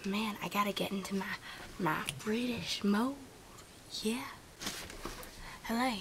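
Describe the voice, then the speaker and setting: A woman's voice: mid-range voice, a little slow. A young American woman doing a comedy sketch vlog, giggly and often half-whispering. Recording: noisy home camera recording.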